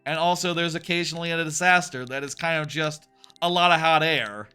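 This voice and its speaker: A man's voice: a little high, a little fast, sharp tone, smooth. A young adult man streaming a game, chatting casually in a rambling, wry way, swearing now and then. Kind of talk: casual chat while playing. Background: faint game music.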